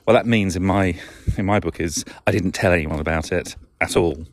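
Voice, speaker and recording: Lancashire guy rambling on his podcast, low voice, dry room, chuckles a lot, self-deprecating. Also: moderate pace, dry recording. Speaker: podcast host. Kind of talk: casual solo podcast chat.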